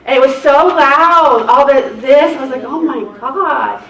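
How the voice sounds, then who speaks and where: Woman, court reporter, seminar storytelling, lively voices for quoted people, fairly high voice, echoey room, distant mic. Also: normal speed, hardly any pauses, a crowd in the background. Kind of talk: anecdotal seminar talk to a group.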